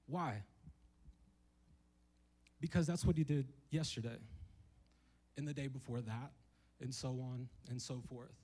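A man's voice: mid-range voice, steady tone, a little slow, pauses often, darkish tone, husky, rough recording. A man preaching as a guest speaker in a church, talking in a loose, joking way and acting out the people in the story he tells. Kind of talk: sermon. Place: church hall with a congregation.

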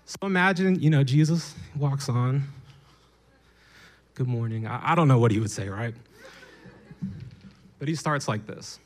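A young man preaching a lively sermon, telling stories playfully and slipping into acted voices. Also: mid-range voice, normal speed, long pauses.

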